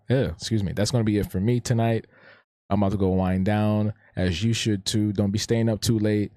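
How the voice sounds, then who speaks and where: A man's voice: mid-range voice, darkish tone, dry recording, clean studio sound. A man hosting a live drawing stream, chatting casually in a laid-back, slangy way and often repeating his phrases. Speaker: live-stream host and artist.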